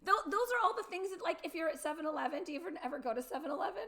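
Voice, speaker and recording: A middle-aged woman hosts a morning show in a loose, chatty way, often breaking into laughter. Her voice sits high and carries a noticeable gravelly fry. She talks casually and easily. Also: expressive, fairly bright tone. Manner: chatty and giggly, quick to laugh. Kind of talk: casual chat.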